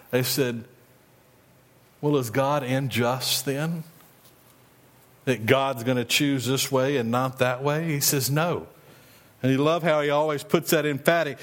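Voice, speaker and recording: Man preaching a sermon, higher voice. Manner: reads scripture slowly, then explains it conversationally. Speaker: pastor.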